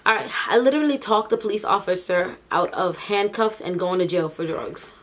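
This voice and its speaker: Incredulous, animated woman vlogger. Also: mid-range voice, brisk. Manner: animated, incredulous, laughs between remarks. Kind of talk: casual reaction commentary.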